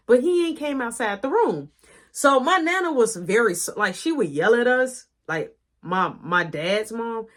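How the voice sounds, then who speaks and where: A woman casually telling a personal story in a lively, profane, animated way. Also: fairly high pitch, a little slow.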